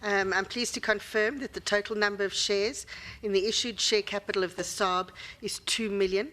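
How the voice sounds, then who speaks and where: Woman, hoarse voice, South African accent, formal reading of figures, mid pitch. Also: fairly even intonation, normal speed, fairly bright tone. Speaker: company secretary. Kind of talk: formal meeting report.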